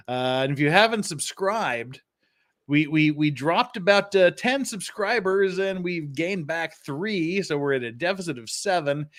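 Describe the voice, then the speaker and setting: Man, livestream host, rambling casual talk, fairly high voice, dry close sound. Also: fairly bright tone, dry recording. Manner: rambling, profane, self-deprecating.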